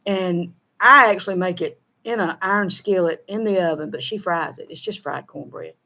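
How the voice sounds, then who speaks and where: On the low side, her voice sounds pushed and bright at a moderate pace. The speaker, a middle-aged woman with a Southern American accent, co-hosts a show and reads viewer comments in a relaxed, folksy chat, often laughing and blending her words.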